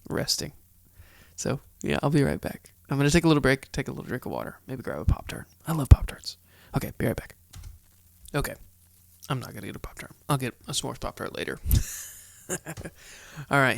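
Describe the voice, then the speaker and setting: A man's voice: medium pitch, gravelly, no room sound. A man hosting a podcast, reading scripture aloud in a casual Bible study with chatty, earnest asides. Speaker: podcast host.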